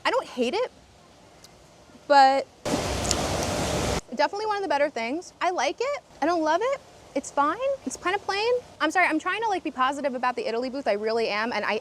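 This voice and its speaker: A woman's voice: on the high side, noisy background. A woman vlogging candid food reviews outdoors at a festival, talking freely with lots of restarts. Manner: candid and chatty, with frequent restarts and fillers. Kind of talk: casual food review vlog.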